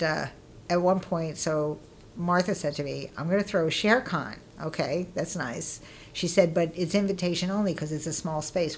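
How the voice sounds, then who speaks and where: A middle-aged woman being interviewed, telling stories in a casual, lively way and acting out what people said with bursts of laughter. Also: sits low, a little hiss or hum. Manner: lively, acts out quoted voices with laughter. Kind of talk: casual storytelling.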